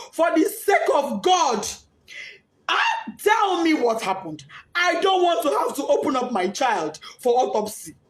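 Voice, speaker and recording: A Nigerian woman, a grieving mother, giving a tearful, distraught testimony, pleading and repeating herself in rising outbursts. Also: on the high side. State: crying, distraught. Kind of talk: emotional testimony.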